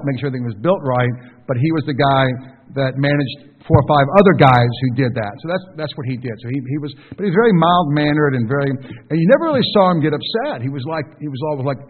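A man's voice: medium pitch, expressive, quick pace, hardly any pauses, a little hiss or hum. A man preaching a sermon to his congregation, conversational and full of questions to the listeners. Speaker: pastor. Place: church sanctuary. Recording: tinny distant recording with long hall reverb.

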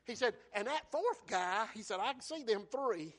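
A man preaching a sermon, telling Bible stories in a folksy way and swinging from hushed to shouting. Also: high-pitched, lively intonation, normal speed.

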